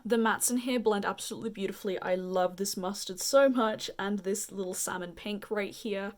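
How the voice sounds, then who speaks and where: An enthusiastic woman with a slight accent and a mid-range voice, gushing over makeup in a review vlog. She sounds bubbly and chatty, as if talking straight to her viewers. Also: mid-range voice. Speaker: beauty vlogger.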